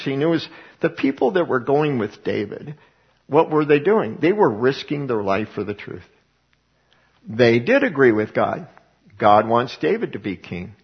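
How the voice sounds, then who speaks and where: A man's voice: medium pitch, slightly rough, muffled recording. A man teaching the Bible as a sermon, who talks emphatically and asks and answers his own questions. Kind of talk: preaching Bible study.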